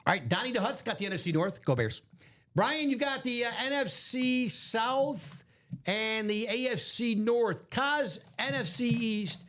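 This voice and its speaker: A man hosting a live card break stream, upbeat and jokey, reading out names and spots quickly. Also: extremely high pitch, animated, a bit bright.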